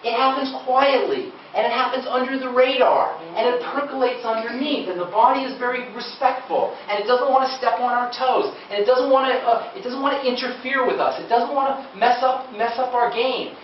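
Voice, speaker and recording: In a lecture room before a live audience, a male nutrition speaker talks conversationally and quizzes his listeners. His voice is very high, a little fast with few pauses, captured dull and echoey from far off with slight hiss or hum.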